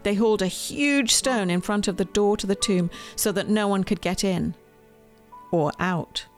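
Female author reading her storybook aloud, gentle, expressive, mid pitch, soft music bed. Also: unhurried. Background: faint music.

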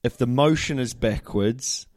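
A man in casual rugby chat, quick with blunt one-liners. His voice is warm and dark, recorded dry and close. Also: medium pitch, no echo. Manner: short blunt replies, dry remarks. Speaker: rugby podcast co-host.

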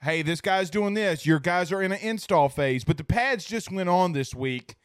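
Male sports host, chatty and upbeat, slightly high smooth voice, dry close mic. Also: normal speed, no echo. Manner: chatty, enthusiastic. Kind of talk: casual interview.

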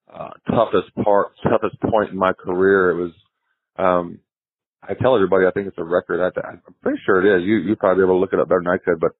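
A former pitcher as a guest, telling stories in a rambling, casual way, often repeating himself and laughing. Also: male voice, slightly rough. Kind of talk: casual storytelling interview. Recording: tinny phone line.

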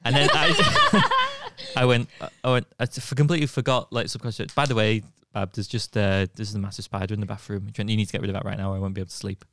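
A man co-hosting a casual comedy podcast tells stories with animation, repeatedly laughing mid-sentence and between lines. He talks quickly in a fairly low voice, recorded cleanly in a studio with no room sound.

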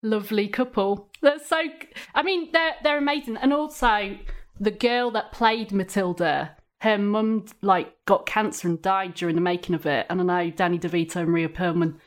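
A woman's voice: medium pitch, moderate pace. A woman appearing as a podcast guest, chatting casually in an enthusiastic, rambling, giggly way. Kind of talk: casual chat.

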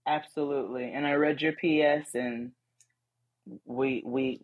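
A woman co-hosting a casual podcast, reading listener letters aloud with lively asides and laughter. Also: extremely low pitch, measured pace, phone-quality sound. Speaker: podcast co-host.

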